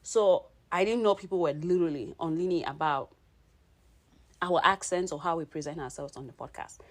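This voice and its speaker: A woman's voice: lowish voice, moderate pace. A woman from Cameroon co-hosting a podcast, explaining in a casual chat and checking in with "right?" as she goes. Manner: explains with repeated "right?" tags, laughs often. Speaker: podcast co-host.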